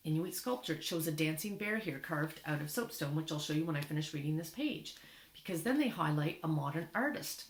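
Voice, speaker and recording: A woman reading a picture book aloud to children, teaching syllables slowly and clearly, stretching out words to clap them. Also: deep voice, lively intonation, echoey room. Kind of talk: read-aloud lesson for children.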